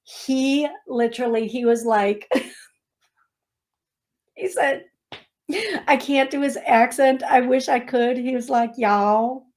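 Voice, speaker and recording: A woman's voice: sits high, steady tone, slow pace, long pauses, a little mellow. A woman hosting a radio show as a psychic medium, telling stories in a chatty, laughing way. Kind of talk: casual chat. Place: radio studio.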